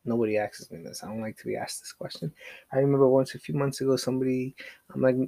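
A man's voice: medium pitch, steady tone, fast, creaky, warm tone, no room sound. A man hosting a casual solo podcast, rambling with lots of fillers, restarts and casual swearing. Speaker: podcast host.

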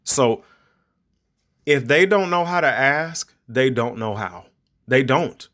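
A man's voice: mid-range voice, animated, slow, fairly bright tone. Rambling man hosting an advice podcast. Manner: rambling, conversational, preachy advice. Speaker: podcast host. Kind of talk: casual monologue podcast.

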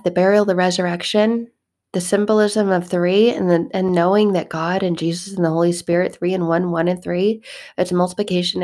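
A woman hosting a podcast, giving earnest, animated devotional teaching in a conversational way. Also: lowish voice. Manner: earnest and animated, with quick asides. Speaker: podcast host.

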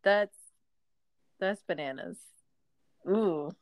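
A woman co-hosting a podcast in casual chat, blunt and quick to react. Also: fairly low pitch, no echo. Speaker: podcast co-host. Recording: dry remote recording.

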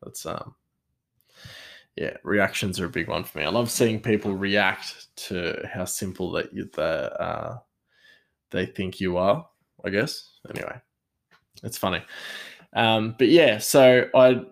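A man's voice: low-pitched, unhurried, vocal fry, pauses often. A man with an Australian accent who works in a kitchen, chatting casually in a rambling, sarcastic way with lots of fillers. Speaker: kitchen worker. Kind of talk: casual storytelling chat.

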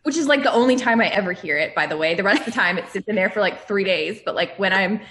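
A woman's voice: medium pitch, fast, fairly bright tone, slight background noise. A woman in her thirties, a guest on a podcast, chatting casually and laughing at herself. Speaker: guest, author. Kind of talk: casual chat.

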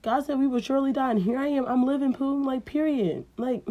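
Woman doing a sassy excitable young woman, high squeaky tone, dramatic slang, husky edge. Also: moderate pace, dull audio. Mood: triumphant.

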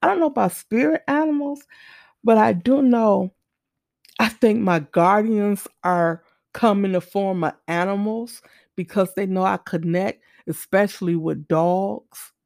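Woman, mid-range and gravelly, telling a heartfelt testimony; earnest storyteller, dry close recording. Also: medium pitch, measured pace, a little mellow, dry recording. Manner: earnest, repeats and restarts, acts out quoted voices. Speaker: mother telling a faith testimony.

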